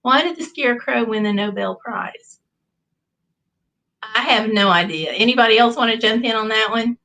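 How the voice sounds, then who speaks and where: A woman's voice: fairly high pitch, normal speed, pushed and bright, rough recording. A middle-aged woman hosting a casual livestream chat, reading viewer comments aloud and telling corny jokes in a playful, chatty way. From United States. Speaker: livestream host.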